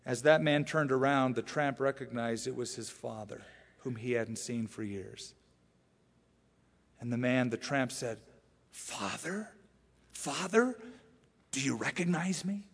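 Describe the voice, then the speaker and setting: A man preaching a sermon as a pastor, animated and emphatic, repeating phrases for effect. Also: mid-range voice, a little slow. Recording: long reverb of a large church hall.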